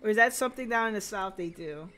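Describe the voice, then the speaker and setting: A woman's voice: medium pitch, animated, fast, fairly bright tone. A woman streaming a game live, reading lines aloud and chatting in an amused, questioning way.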